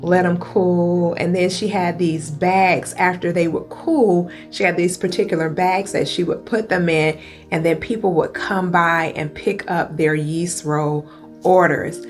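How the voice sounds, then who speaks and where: A woman's voice: on the low side, steady tone, measured pace. A middle-aged woman coach telling an emotional personal story, speaking straight to her viewers and holding back tears. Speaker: coach and video host. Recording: guitar music playing behind.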